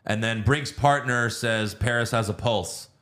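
Dude recapping a movie on a podcast, loose and sweary, fillers everywhere. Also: male voice, mid-range voice, measured pace, fairly bright tone. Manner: recaps plot with profanity and filler uhs. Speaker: podcast co-host. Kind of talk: casual movie review chat.

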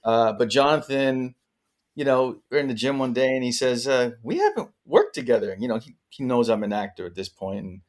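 A man's voice: medium pitch, steady tone, brisk. Chatty man telling rambling stories. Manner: chatty, rambling anecdotes with frequent fillers. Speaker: actor guest. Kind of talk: casual interview storytelling.

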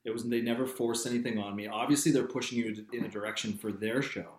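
A man speaks as an interview guest, animated and quick to laugh as he tells his stories. His voice sits at an ordinary middle pitch for a man. The recording carries a noticeable roomy echo. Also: slight background noise. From Canada. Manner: animated storyteller, laughs often. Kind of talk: casual interview storytelling.

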